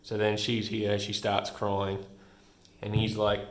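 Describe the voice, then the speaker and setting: Man, comic book reviewer, casual rambling talk, chuckles a lot, lowish voice, echoey room. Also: completely flat delivery, takes it slowly. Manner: rambling, chuckles often, many restarts. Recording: roomy room echo.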